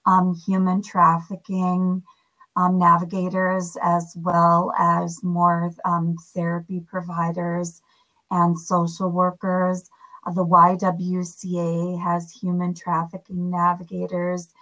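Woman, fifties, flat low delivery, unhurried, halting guest. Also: low-quality recording. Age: 50s. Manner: soft-spoken, halting with many fillers. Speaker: podcast guest. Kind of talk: candid interview talk.

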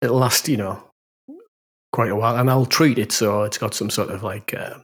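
A man's voice: fairly low pitch, fairly even intonation, breathy edge. A man with a northern English accent, telling stories in casual chat as podcast co-host. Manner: rambling storyteller, quick to laugh.

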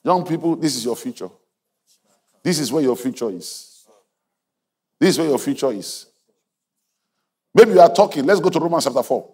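A man preaching a sermon in a hall, emphatic and repeating his phrases, building up to shouts. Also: on the high side, lively intonation, normal speed, long pauses, slightly rough. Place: large hall or convention venue.

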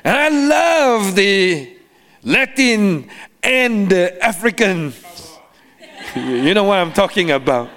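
A man preaching a sermon as a guest preacher, animated, with sing-song cadences and frequent laughter. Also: high voice, slow pace.

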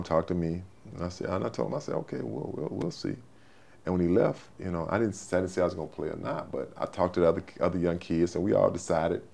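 Gravelly low-voiced man in his sixties. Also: a little mellow. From Texas, USA. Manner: folksy, repetitive storyteller. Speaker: guest, former football player. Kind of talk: storytelling interview.

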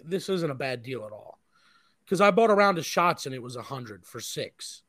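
A man's voice: mid-range voice, sing-song, moderate pace, fairly bright tone, no room sound, studio quality. A married man telling a long rambling story in casual chat, full of profanity and fillers.

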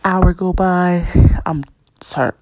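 A woman's voice: lowish voice, fairly even intonation, slow pace, no room sound. A young woman casually telling a personal story, slangy and blunt, often dropping to a whisper. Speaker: storyteller vlogger.

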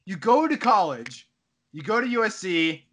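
A man's voice: high voice, very animated, normal speed, a bit bright. A man in casual chat, animatedly retelling a video game story and laughing as he goes.

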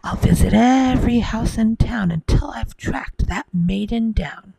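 A woman's voice: fairly high pitch, unhurried, gravelly, warm tone, husky, dry recording, exaggerated voice. A woman whispering the part of a pompous, hot-tempered young prince in a whispered role-play storybook reading. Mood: eager.

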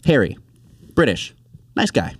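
A young man hosting a casual podcast chat, animated and swearing freely as he tells anecdotes. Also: medium pitch, unhurried, slightly rough, no room sound, studio quality. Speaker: podcast host.

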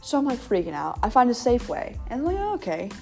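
A young woman with a slightly high voice tells a story in a loose, rambling way. She keeps quoting herself and peppers her talk with fillers and the odd curse. Soft music plays faintly behind her. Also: very animated, fast, creaky. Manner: rambling, frequent "like" and "I'm like" quotes, swears casually. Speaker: podcast host. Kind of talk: casual storytelling monologue.

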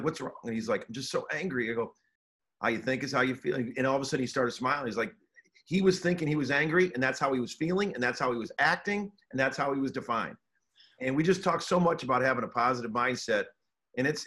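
A man's voice: medium pitch, bright, forceful tone. A middle-aged man, a basketball coach, talking casually in an interview with earnest restarts and repeated words.

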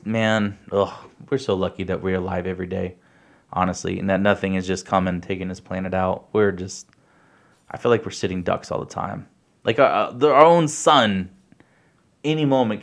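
A podcast co-host in loose, profane chat, riffing from one wild idea to the next. His voice sits a bit low and has a gravelly fry running through it. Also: fairly bright tone. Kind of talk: casual chat.

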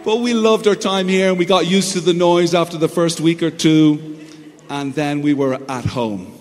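A man preaching a sermon as pastor, telling stories in an animated way with sound effects and imitations. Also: a little high, moderate pace, big-room sound, soft background music.

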